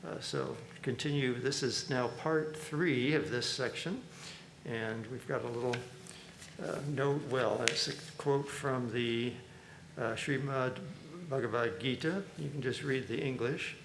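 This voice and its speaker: A man's voice: mid-range voice, measured pace, gravelly. Man, spiritual discussion leader, chuckling, hesitant, faint background hiss. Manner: relaxed, chuckling, hesitant with fillers. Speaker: monk leading a reading and discussion. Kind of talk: informal spiritual commentary. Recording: roomy echo, faint background noise.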